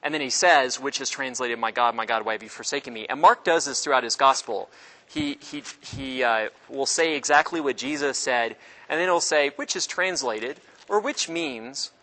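A man teaching a class in a relaxed, halting way, with many fillers and restarts. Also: medium pitch, poor audio. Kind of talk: informal classroom lecture.

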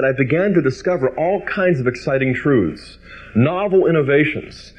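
A man giving a Bible teaching, reading scripture aloud slowly and then explaining it in quick, eager stretches. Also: fairly high pitch, darkish tone. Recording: dull lo-fi recording.

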